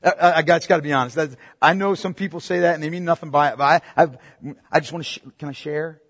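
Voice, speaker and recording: Preaching quickly and emphatically, a male pastor throws rhetorical questions to the congregation in a church sanctuary. His fairly high, fairly bright voice has a breathy edge, and the large hall produces long reverb.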